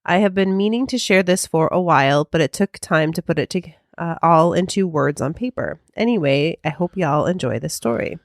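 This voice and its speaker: A woman co-host chatting in a casual, rambling way, with a fairly low voice. The sound is dry and close, with no room echo. She hedges often as she thinks aloud. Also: expressive, moderate pace, few pauses. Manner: rambling, hedging with "I mean" and "um". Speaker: podcast co-host. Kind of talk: casual chat and reading listener mail.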